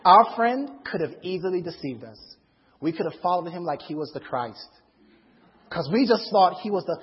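A man preaching a testimony sermon to a congregation in a church. He tells his story as an animated storyteller who acts out voices and shouts for emphasis. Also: high-pitched, normal speed, long reverb tail, lo-fi sound. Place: church before a live congregation.

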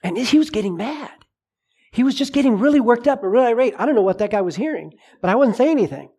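A middle-aged man preaching a sermon, telling a personal story with lively acted-out dialogue. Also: very high voice, fast, slightly rough. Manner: animated storyteller, acts out dialogue.

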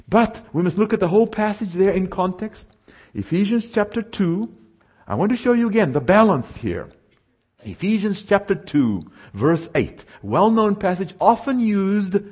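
A man preaching a sermon, slowing down to stress verses and asking the audience questions. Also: on the high side, husky. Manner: emphatic, slows down to stress scripture, asks audience questions.

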